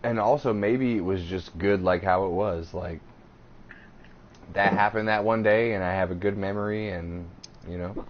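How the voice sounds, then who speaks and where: A man's voice: deep voice, steady tone, normal speed. A man in his thirties co-hosting a podcast, telling a crude, rambling story in casual chat. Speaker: podcast co-host. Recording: slightly dull podcast audio with faint hiss.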